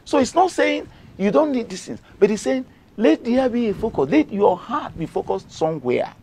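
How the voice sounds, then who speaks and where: A man's voice: extremely high pitch, sing-song, normal speed, a little mellow, a little hiss or hum. A middle-aged man with a Nigerian accent, preaching a devotional sermon emphatically and repeating key phrases.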